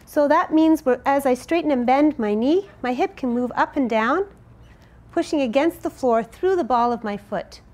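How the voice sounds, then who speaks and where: A woman's voice: high-pitched, normal speed, a little mellow. A middle-aged woman teaching a belly dance step, explaining it patiently and counting out each move. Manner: clear, patient, counting out moves.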